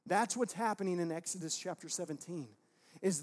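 A man in his thirties preaching a sermon in a church, dropping to quiet, intimate tones and then breaking into loud, emphatic outbursts. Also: high-pitched, fairly quick, breathy edge. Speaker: pastor.

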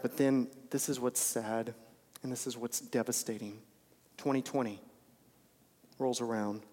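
A man's voice: mid-range voice, a little mellow. A man preaching an informal, conversational sermon, repeating phrases for emphasis. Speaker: pastor. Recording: long hall reverb.

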